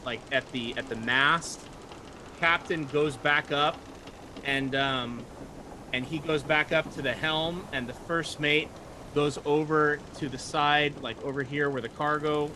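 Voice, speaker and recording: Man GM, slightly high bright voice, faint hiss behind. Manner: relaxed, full of fillers and restarts. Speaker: game master. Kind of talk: narrating a tabletop game.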